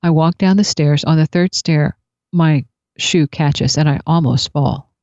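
A woman telling a personal story in a reflective, unhurried way. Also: low-pitched, darkish tone, no echo. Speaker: speaker sharing spiritual experiences. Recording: dull lo-fi recording.

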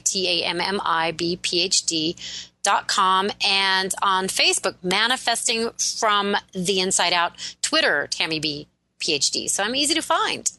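A woman's voice: medium pitch, animated, normal speed, bright, forceful tone, no echo, low-quality recording. A woman who is a relationship and prosperity expert, speaking as a guest in a radio interview and explaining ideas in an enthusiastic, affirming way.

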